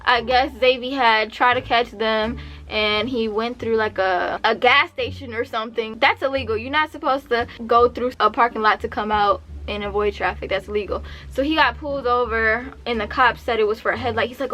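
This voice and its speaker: A young woman in her twenties telling a story in a casual vlog, acting out the lines of the people in it. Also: normal speed. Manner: animated, acts out quotes with pitch jumps.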